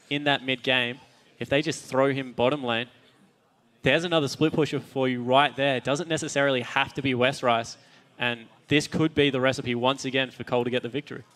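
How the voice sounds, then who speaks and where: A man with an Australian accent, commentating a video game match on a headset and calmly explaining the mechanics in detail. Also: mid-range voice. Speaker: esports caster. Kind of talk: play-by-play commentary.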